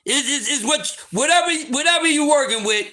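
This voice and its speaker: A man hosting a livestream, telling a story in a loud, profane, laughing, casual way. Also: very high voice, lively intonation, brisk. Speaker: livestream host.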